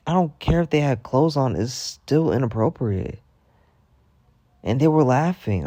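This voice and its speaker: A man's voice: mid-range voice, animated, measured pace, dark tone, no echo. A young man telling a mock-dramatic storytime rant in slangy, swear-filled casual talk. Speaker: storytime vlogger.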